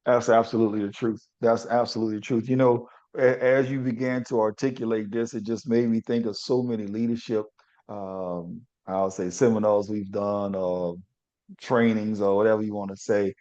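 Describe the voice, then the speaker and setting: A man's voice: fairly low pitch, steady tone, moderate pace, warm tone. A man hosting a podcast in casual interview chat, emphatic and repeating his key phrases for weight. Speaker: podcast host. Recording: dull lo-fi sound.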